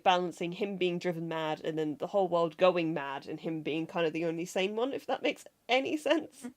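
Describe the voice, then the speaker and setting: A woman co-hosting a film review show, talking in an enthusiastic, rambling way with frequent laughs, and sounding like she has a cold. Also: lowish voice. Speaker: podcast co-host. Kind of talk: casual film review chat.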